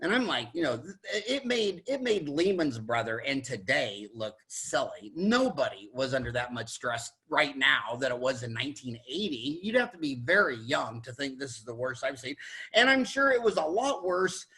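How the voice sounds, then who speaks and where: A man in his sixties who hosts a podcast, telling stories in a casual chat, animated, stumbling into restarts and acting out the people he quotes. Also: medium pitch, breathy edge. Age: 60s. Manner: animated storyteller, quick restarts, acts out quotes. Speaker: podcast host, dentist.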